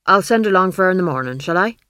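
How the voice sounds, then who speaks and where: A woman's voice: on the low side, lively intonation, sharp tone, dry recording, studio quality. Woman doing a flustered village blacksmith. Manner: hesitant, halting.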